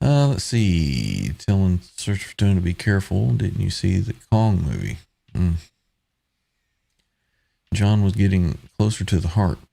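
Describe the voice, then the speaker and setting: A man's voice: sits low, big pitch swings, a little slow, gravelly, dark tone. A man hosting a casual live stream, reading out viewer comments and chatting with guests. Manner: reads viewer comments aloud, laughs often. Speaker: host reading live chat.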